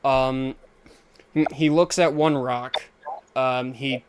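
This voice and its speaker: A man's voice: medium pitch, fairly even intonation, extremely slow, slight background noise. A man narrating a tabletop game as game master, chuckling through loose, amused descriptions.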